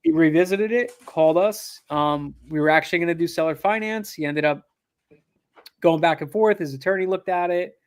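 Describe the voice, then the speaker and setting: Higher-voiced man telling a deal story. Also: normal speed, clear, resonant tone. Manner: animated, acts out quotes, frequent fillers and restarts. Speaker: land investor guest. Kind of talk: casual interview storytelling.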